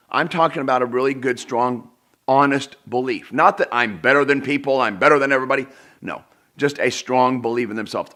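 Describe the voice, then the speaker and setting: A man's voice: medium pitch, fairly bright tone. A middle-aged man giving a direct-to-camera self-help talk as a personal development speaker, emphatic, repeating himself for emphasis and speaking straight to the viewer.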